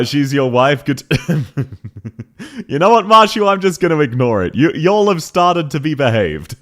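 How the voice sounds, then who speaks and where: A man casually chatting on a live stream, greeting viewers by name and laughing often, his voice still a little rough at the start. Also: fairly high pitch, fairly bright tone.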